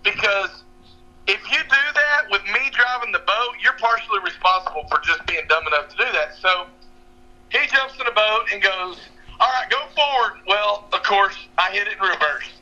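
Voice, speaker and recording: Over a muffled phone line, a young man with a drawl laughs as he tells a fishing story. A fishing guide and podcast regular, he has a high, bright voice with a forceful tone and speaks at normal speed in casual storytelling.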